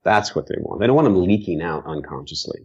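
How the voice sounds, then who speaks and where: A man's voice: sits low, lively intonation, quick pace, slightly rough, lo-fi sound. A man as guest co-host, speaking in an earnest, frank way and swearing for emphasis in casual conversation.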